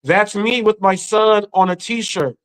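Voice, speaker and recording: A man with a fairly high voice, grieving as he talks on a live stream. His delivery is earnest and halting, full of restarts and repeated words, as in an unscripted emotional talk. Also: fairly bright tone, clear, resonant tone, poor audio. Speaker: live-stream commentary host.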